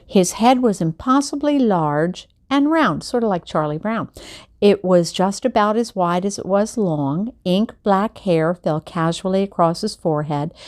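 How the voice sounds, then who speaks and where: A woman reading a children's novel aloud at home, chatting between chapters and giving the characters animated voices. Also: lowish voice. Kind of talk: casual read-aloud of a book. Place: home at night.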